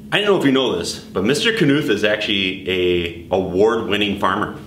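Male announcements host, deadpan joke teller, lowish voice, distant echoey room sound. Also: moderate pace, slight background noise. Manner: storyteller, leisurely jokes. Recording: echoey room, mic far off.

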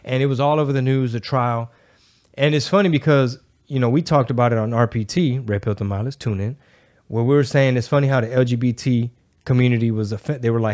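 A man's voice: mid-range voice, a little fast. A man, co-hosting a podcast in casual, slangy chat and acting out quotes. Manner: slangy, animated storytelling with put-on quotes. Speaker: podcast co-host.

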